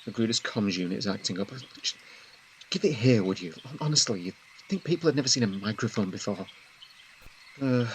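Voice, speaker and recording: Guy rambling through a game as a jittery tv host, lots of uhs, dry jokes, bouncy voice, game noise behind. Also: mid-range voice. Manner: rambling, hesitant, lots of fillers. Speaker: let's play narrator in character as a TV host. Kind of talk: in-character game commentary.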